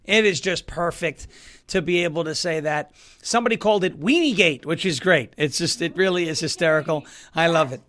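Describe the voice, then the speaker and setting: A man hosting a political commentary show. His voice is high-pitched and bright, with a sharp edge. He delivers the news with sarcasm and running jokes. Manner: sarcastic, joking. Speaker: host.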